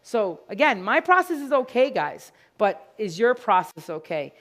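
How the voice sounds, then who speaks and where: A woman giving an animated, playful live product demonstration to an audience at a store grand opening event. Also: on the high side, moderate pace. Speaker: product educator.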